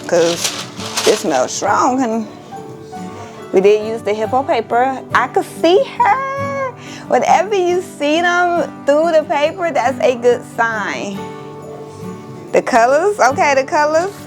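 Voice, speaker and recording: A woman's voice: fairly high pitch, low-quality recording. Young woman, crafting vlogger, emotional, exclamatory, casual chat, faint music behind. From Miami. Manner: emotional, exclaiming, addresses viewers as y'all.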